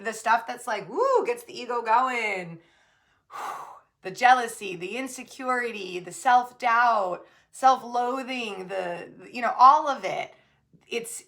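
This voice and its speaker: A woman speaks in a casual motivational talk as a spiritual coach, her voice bright and forward. She is chatty and emphatic, leaning on fillers and tag questions and calling the listener babe and my love. Her delivery swings between loud, punchy bursts and soft, hushed asides. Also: fairly high pitch.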